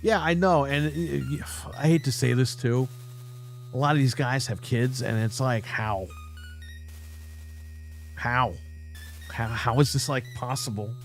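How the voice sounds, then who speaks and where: A man's voice: medium pitch, measured pace, long pauses, faint music behind. Blunt, profane male show host ranting. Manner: heated, ranting, mocking. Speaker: podcast host. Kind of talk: casual livestream rant.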